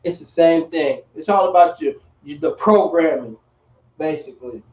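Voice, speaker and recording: A man teaching a class in a relaxed, slangy way, repeating himself as he explains. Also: fairly high pitch, moderate pace. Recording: echoey, distant, dull room sound.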